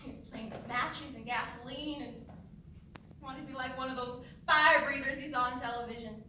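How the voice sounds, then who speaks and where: A woman plays an eerie doting mother in a low-budget short film. She is sugary sweet, then coldly morbid about a lost son. Her high voice comes from a distance, with strong room echo and noise behind it. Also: moderate pace, sharp tone. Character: eerie doting mother of grown children, dwells on a dead son. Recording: echoey room, mic from afar, noisy.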